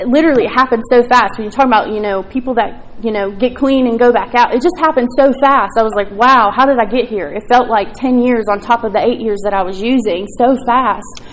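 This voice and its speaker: A woman's voice: fairly high pitch, fairly even intonation, brisk, a little hiss or hum, rough recording. A woman telling her recovery story at a meeting, candid and profane, with plenty of fillers. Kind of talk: personal testimony at a recovery meeting.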